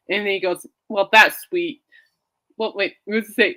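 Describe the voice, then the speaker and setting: A woman's voice: medium pitch, fairly even intonation, moderate pace, bright, forceful tone. A woman hosting a casual podcast, rambling and laughing often as she chats. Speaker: podcast host. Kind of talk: casual chat.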